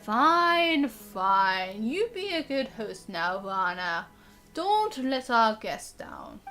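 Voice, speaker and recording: A woman's voice: fairly high pitch, very animated, extremely slow, sharp tone, voice pushed down, full character voice. A woman putting on an old man's voice to read a fatherly village grandfather from a game aloud. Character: kindly old village grandfather, gently scolding. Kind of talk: reading game dialogue aloud in character. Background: game music.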